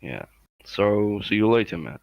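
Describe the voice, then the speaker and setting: A man's voice: on the low side, sing-song, a little slow, gravelly, dry recording, highs cut off. A man from Algeria making brief, friendly small talk on a voice call. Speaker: stranger on a voice chat.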